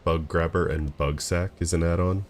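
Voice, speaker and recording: Man, very deep voice, laid-back, chatty, casual gaming chat. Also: steady tone, normal speed, slight background noise. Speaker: streamer playing a tank in a raid.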